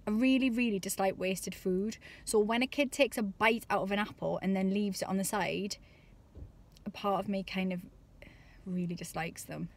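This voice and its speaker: A woman's voice: mid-range voice, steady tone, normal speed. A woman in her thirties talking to camera about parenting, chatty and exasperated, acting out little voices. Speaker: parenting vlogger. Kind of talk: casual comic monologue to camera.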